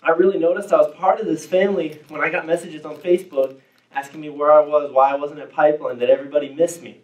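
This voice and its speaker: A man's voice: a little high, steady tone, fast talker, a little mellow. Young man in a roomy hall. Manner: casual, joking, self-deprecating. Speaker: student giving testimony. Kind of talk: personal testimony to a youth group. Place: church youth hall, indoors. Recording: roomy hall, distant mic.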